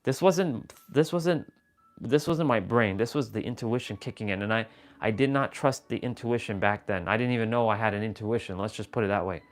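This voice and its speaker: A man hosting a livestream from a room at home, telling a personal story in a casual, animated and confessional way, swearing freely. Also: lowish voice, a little fast, faint music behind. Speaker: livestream host.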